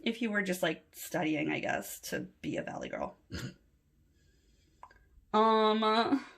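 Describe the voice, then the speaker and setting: This Los Angeles planner vlogger has a mid-range voice with vocal fry, and her pitch swoops wildly as she takes things slowly. She rambles a bit in a soft-spoken, chatty way, dropping filler words while working on her planner in a casual plan-with-me chat.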